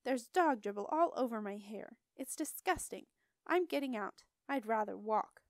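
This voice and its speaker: A woman's voice: on the high side, animated, normal speed, no room sound, clean studio sound. A woman doing a haughty indignant wizard lady. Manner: indignant, declaring.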